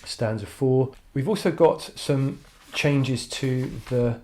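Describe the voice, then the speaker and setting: A man's voice: mid-range voice, takes it slowly, a little mellow. A man teaching an English literature lesson online, talking thoughtfully with frequent "um"s and restarts. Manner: thoughtful, hesitant with frequent fillers.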